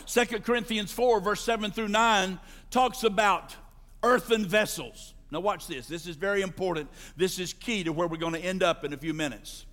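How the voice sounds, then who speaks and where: A male pastor preaching a sermon, building to shouted climaxes and calling for responses from the congregation. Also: high-pitched, normal speed, big-room sound.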